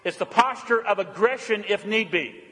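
A man preaching a sermon as pastor, emphatic and repetitive, often dropping to a quiet, intense delivery. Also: high voice, moderate pace, long reverb tail.

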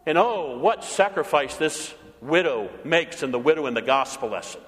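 A man's voice: on the high side, expressive, moderate pace, in a large hall. A man preaching a sermon as pastor, dramatic, with rhetorical questions and acted-out voices.

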